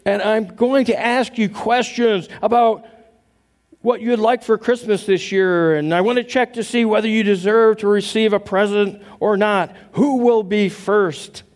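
A man playing Santa Claus, a large bearded man who bellows his words slowly and drawn out. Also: high voice, fairly even intonation, voice pushed up. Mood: booming.

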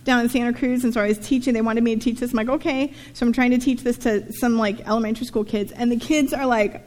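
A woman's voice: fairly high pitch, fairly even intonation, fast, darkish tone, in a large hall. A woman pastor preaching a sermon in a synagogue, telling a story with playful asides and reading scripture aloud.

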